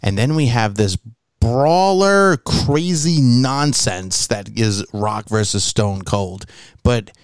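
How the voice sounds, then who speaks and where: Guy cohosting a podcast, super animated storyteller, cusses freely, mid voice. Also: mid-range voice, slow, smooth, dry recording. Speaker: podcast co-host. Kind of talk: casual chat, storytelling.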